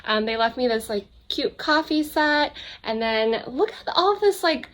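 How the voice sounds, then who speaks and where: A woman's voice: high-pitched, lively intonation, normal speed, a bit bright. A young woman casually vlogging about her travels, chatting with plenty of fillers as she talks to the camera. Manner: chatty, lots of likes and ums. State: out of breath from walking uphill.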